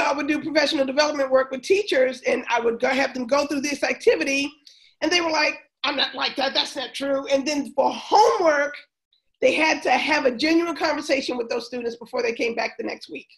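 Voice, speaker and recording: A woman's voice: sits high, brisk, poor audio. A woman, a former teacher and coach, telling a story in a casual interview and acting out what people said. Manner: animated, acts out quoted voices.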